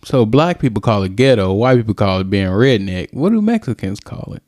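A man in hosts a relaxed podcast conversation. His voice is lively and swings widely in pitch, leaping high on questions. He talks in a loose, rambling way. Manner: loose, rambling, quick jumps in pitch when asking. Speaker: podcast host. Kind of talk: casual chat.

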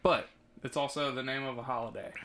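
A man's voice: medium pitch, fairly even intonation, fairly quick, a bit bright. A man hosting a casual podcast chat, swearing freely and moving the talk from one topic to the next. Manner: casual, profane, steers the topics. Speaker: podcast host.

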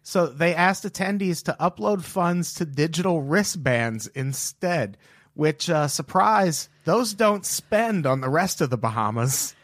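A man's voice: on the high side, animated, unhurried, fairly bright tone, dry recording, studio quality. A man co-hosting a casual comedy chat, wry and joking, reading out news quotes. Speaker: podcast co-host.

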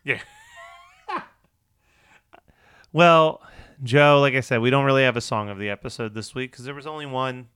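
Bright, crisp-voiced man recapping. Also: medium pitch, normal speed, pauses often, dry recording, studio quality. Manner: wry, chatty, laughs often. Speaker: podcast co-host recapping episodes. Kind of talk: casual chat.

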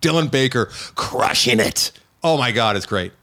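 A man from the United States co-hosting a casual film podcast, animated and teasing, playfully scolding his friend. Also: mid-range voice, normal speed. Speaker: podcast co-host, film reviewer. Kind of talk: casual chat.

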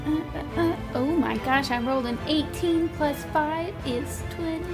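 High-voiced woman rambling through her turn. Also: a little slow, over music. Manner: rambling, hesitant. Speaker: player. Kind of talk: casual chat.

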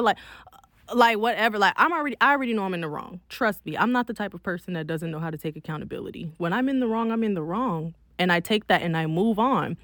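A young woman from Miami telling a personal story in a casual, emphatic, animated way, often saying "like.". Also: medium pitch, fairly quick, no room sound, studio quality. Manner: emphatic, animated retelling with frequent "like".

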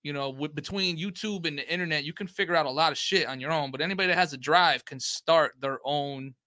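Bright-voiced casual podcast guy. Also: a little high, fast, dry recording, clean studio sound. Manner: loose, rambling, profane slang-heavy talk. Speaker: podcast co-host. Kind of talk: casual chat.

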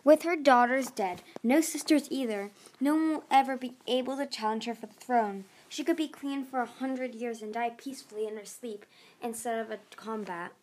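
A woman's voice: on the high side, normal speed, a little mellow, close to an everyday voice. A woman voicing a clever, nerdy young male dragon who lectures and stammers when flustered in a storybook reading. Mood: lecturing.

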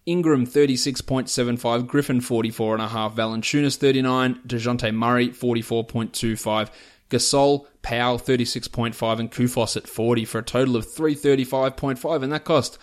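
A man's voice: mid-range voice, fairly even intonation, moderate pace. A man hosting a fantasy basketball podcast, reeling off player stats and prices in a chatty, opinionated way. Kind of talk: casual podcast analysis.

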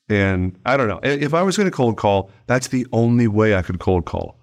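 A man hosting a podcast in casual conversation, acting out sales calls in quick mock voices. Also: fairly low pitch, lively intonation. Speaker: podcast host.

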